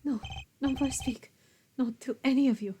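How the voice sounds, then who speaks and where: A woman voicing a young male circus acrobat who speaks in halting broken English, with game music underneath. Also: on the high side, animated, voice pushed up, natural voice. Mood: terse.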